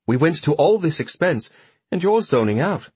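A man's voice: a little high, sing-song, moderate pace, darkish tone, husky, no echo, pitched above the performer's own voice. A man voicing a sardonic, joking grown man in an audiobook. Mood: chiding.

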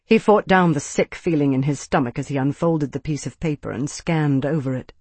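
A man narrating an audiobook in a measured, even storytelling voice. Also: on the high side, husky, dry recording. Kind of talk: scripted narration.

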